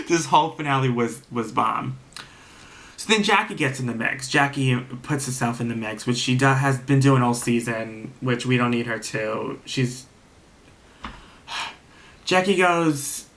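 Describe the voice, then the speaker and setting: A man casually recapping a reality TV episode, animated and profane, acting out the cast's lines as he retells each scene. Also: mid-range voice, measured pace.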